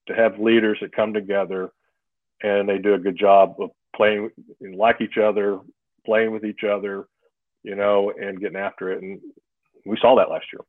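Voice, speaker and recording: A man's voice: fairly low pitch, dry recording. A man in his fifties, a former football player, talking as a guest in a casual interview. He rambles, restarts often and keeps asking "right?". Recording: phone-like remote call, dry.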